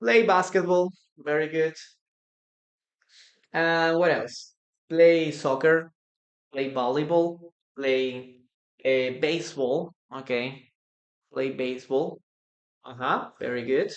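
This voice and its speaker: A man with a Peruvian Spanish accent, a native Spanish speaker, runs a live English lesson online. He speaks at an unhurried, deliberate pace and repeats each phrase for his students, reacting to their comments as they come in. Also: fairly high pitch, fairly even intonation. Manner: repeats phrases slowly for practice, answers viewers' comments. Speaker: English teacher.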